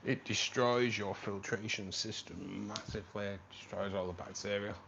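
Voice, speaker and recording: A livestream host talks casually with his viewers from a home room, calling them mate and reading the chat, his voice growing a little tired. It's lowish, level, creaky, and a bit bright at normal speed, with a muffled recording and slight background noise.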